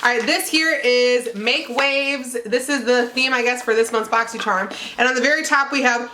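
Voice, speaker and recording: A young woman vlogging to camera, chatty and bubbly, with lots of "like" and excited squeals of "oh my God". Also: on the high side, normal speed, background noise. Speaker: beauty vlogger unboxing a subscription box. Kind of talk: casual chat to camera.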